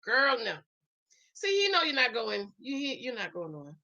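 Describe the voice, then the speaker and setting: A woman talks dating and marriage in an animated, sassy way, speaking to her listeners like girlfriends. Her voice sits high and comes across bright and forceful, and she acts out other people's lines as she tells her stories. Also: normal speed, lo-fi sound. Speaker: relationship advice vlogger. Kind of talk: casual advice chat to women viewers.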